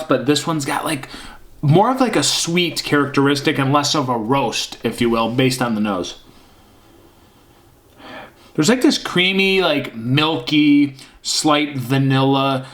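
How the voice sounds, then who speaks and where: A man's voice: mid-range voice, fairly bright tone. Rambling man reviewing a beer. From Michigan. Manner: rambling, filler-heavy, searching for words. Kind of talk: casual tasting review.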